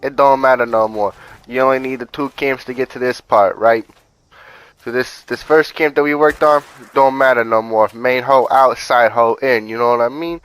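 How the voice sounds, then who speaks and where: Male gaming host, casual profane tutorial voice-over, street-slang step-by-step coaching, mid-pitched voice. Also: steady tone, moderate pace, fairly bright tone, clean tone, low-quality recording. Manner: laid-back, profane, repeats "bada bing, bada boom".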